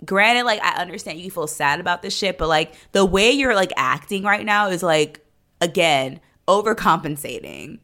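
Woman co-host, low voice, vocal fry, casual and profane, filler-heavy chat. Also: lively intonation, normal speed, bright, forceful tone. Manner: loose and profane, full of "like" fillers. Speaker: podcast co-host recapping a TV series.

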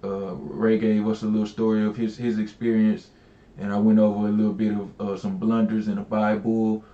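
A man's voice: fairly low pitch, level tone, moderate pace, warm tone, echoey room, highs cut off. Laid-back man hosting a podcast. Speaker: podcast host. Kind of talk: casual call-in podcast chat.

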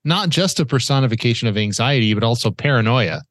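A man in a laid-back podcast conversation, floating theories about a movie with frequent "like"s. His voice sits at a middle pitch and is recorded dry and close. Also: animated, fast, no room sound. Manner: conversational, offers theories with hedging fillers. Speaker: podcast co-host. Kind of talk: casual film discussion.

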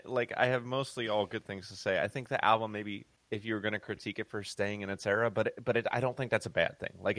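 A man's voice: sits low, fairly bright tone, no echo. A man co-hosting a music podcast, talking casually and rambling with fillers and restarts. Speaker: podcast co-host. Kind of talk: casual music review chat.

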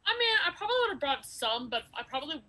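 A woman's voice: high voice, big pitch swings, quick pace, sharp tone. A woman playing a tabletop game, speaking in an offhand, casual way. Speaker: player.

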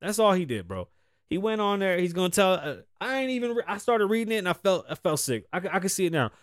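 Loud, cursing man ranting on a podcast. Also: big pitch swings, fast talker, dry recording, studio quality. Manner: blunt, heavy cursing, swings between loud outbursts and low mutters. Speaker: podcast host. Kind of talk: profane opinion rant.

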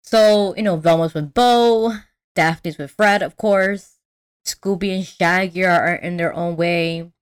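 Speaking slowly in a lowish, steady, clear, and resonant voice, a young woman hosts a podcast where she casually recaps a cartoon film. She tells it with animation, performs the quotes, and swears freely.

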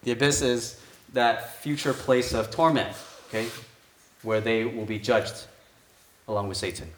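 A man at mid pitch preaches a relaxed, conversational sermon as a pastor. He thinks out loud and checks in with his listeners through rhetorical questions. His voice rings in an echoey church sanctuary. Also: a little slow, slight background noise. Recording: echoey room.

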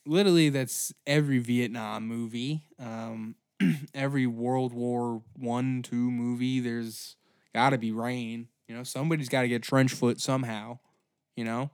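A man hosting a comedy history podcast who rants in a profane, animated way, swearing constantly as he builds each point. His voice sits in a middle pitch and comes through a dry, close recording with no room sound. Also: unhurried, clean tone, dry recording. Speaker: podcast host.

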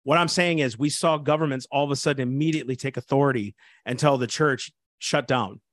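An assistant pastor speaks fervently and preachily in an interview, often restarting his sentences. His mid-range voice runs a little fast, with clean studio sound and no echo.

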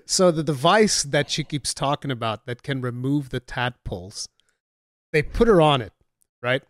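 A man's voice: mid-range voice, expressive, normal speed, no echo, studio quality. A man in casual gaming chat on a podcast, telling stories animatedly and swearing freely. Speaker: podcast co-host or guest.

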